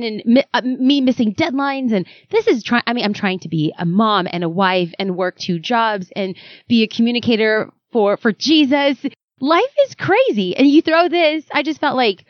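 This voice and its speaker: A woman guest on an interview podcast, telling her story in a dramatic, animated way. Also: fairly high pitch, normal speed, no room sound, muffled recording. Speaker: author and guest.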